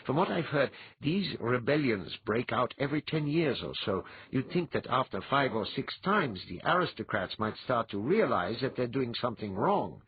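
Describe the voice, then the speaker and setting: A man voicing a wry, confident man with dry humor and a husky sound. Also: mid-range voice, sing-song, normal speed, few pauses, no room sound, phone-quality sound, pitched above the performer's own voice.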